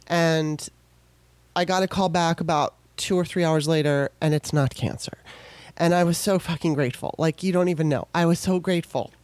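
A woman's voice: low-pitched, moderate pace, a little mellow, dry recording. Podcast lady talking close and dry, all over the place emotionally, lots of starts and stops. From California. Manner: emotional, rambling, many restarts. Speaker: podcast host. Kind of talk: casual monologue.

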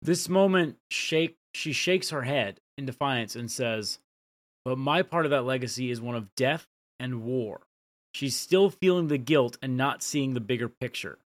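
A man's voice: medium pitch, unhurried. A man co-hosting a podcast, casually recapping scenes and dropping the odd swear. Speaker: podcast co-host.

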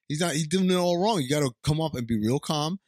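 A man in casual chat whose pitch moves around a lot as he riffs with sarcasm. His voice sits at a middle pitch, recorded close and dry. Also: quick pace, dry recording. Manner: lively, sarcastic commentary. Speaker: podcast co-host.

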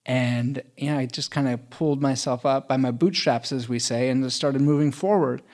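A man's voice: medium pitch, moderate pace, darkish tone. A middle-aged man telling a personal story in casual conversation, chatty with lots of fillers and self-mocking humor.

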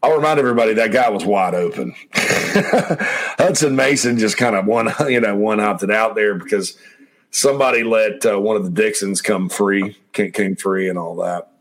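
A man hosting a loose sports talk stream in a lowish voice, chatting through viewer comments with plenty of laughs. He rambles, trails off and slips into quick mock impressions of coaches. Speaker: sports talk show host. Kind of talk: casual sports talk, reading chat comments.

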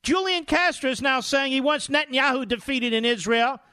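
High-pitched, scornful male radio host. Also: sharp tone, smooth, no room sound, clean studio sound. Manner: indignant, scornful, rapid-fire. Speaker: radio talk show host. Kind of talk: combative talk radio commentary.

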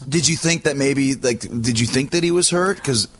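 A man's voice: mid-range voice, normal speed, slight background noise. A man from Canada hosting a casual interview, telling a story with energy and acting out what he said back then. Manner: animated storyteller, acts out his own past lines. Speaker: podcast host.

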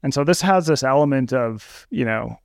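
A man's voice: mid-range voice, lively intonation, normal speed, creaky, no room sound, studio quality. A man speaking as an expert guest, explaining casually with many fillers. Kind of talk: interview answers.

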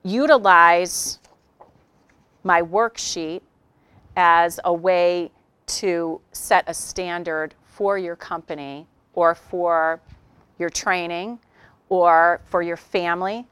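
A woman's voice: fairly low pitch, steady tone, slow pace, a bit bright, clear, resonant tone, no room sound. A woman trainer giving a conversational instructional talk, acting out short example dialogues as she explains. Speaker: communication trainer.

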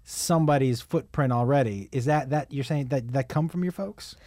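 A man's voice: mid-range voice, moderate pace, warm tone, dry recording. A man hosting a casual interview, playful and jokey in his questions. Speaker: host.

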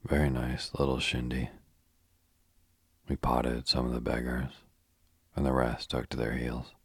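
A man's voice: very deep voice, completely flat delivery, a little slow, vocal fry, a bit bright, husky, no echo, heavily acted. A man voicing a flippant young adventurer who jokes dryly while guiding a tour. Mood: offhand. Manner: flippant, dry joking.

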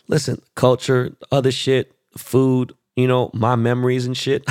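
A man in his forties from Los Angeles, ranting about sports in a blunt, profane, excitable way as a show host. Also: mid-range voice, moderate pace, hardly any pauses, clean tone, no echo, studio quality. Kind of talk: casual sports rant.

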